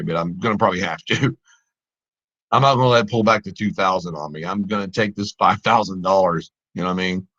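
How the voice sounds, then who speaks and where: Man, stream host, bright voice, excitable running commentary, muffled lo-fi mic. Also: on the low side. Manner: exclaims and laughs often, talks to viewers as guys. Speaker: live trading stream host. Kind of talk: excited live commentary on trades.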